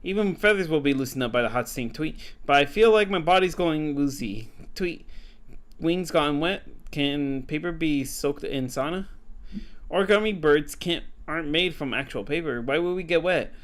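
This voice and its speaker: A man's voice: on the high side, normal speed, close to an everyday voice. A man voicing a timid male origami bird in a game, who adds chirps to his lines. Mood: fretful. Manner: chirps tweet after lines.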